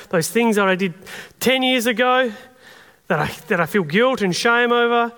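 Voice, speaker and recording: Brief: Australian male pastor, earnest and conversational, high voice, long hall reverb. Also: brisk, a bit bright, smooth. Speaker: preacher. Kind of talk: sermon.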